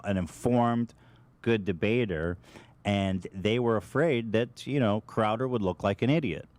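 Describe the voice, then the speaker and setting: Low-voiced joking podcast man. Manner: joking, self-deprecating. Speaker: podcast host. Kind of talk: casual podcast talk.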